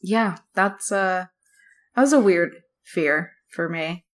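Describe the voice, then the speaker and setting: A woman's voice: on the low side, slow pace. A young adult woman co-hosting a casual podcast, telling stories with lots of laughter and animation. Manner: animated storyteller, laughs often. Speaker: podcast co-host. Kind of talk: casual chat.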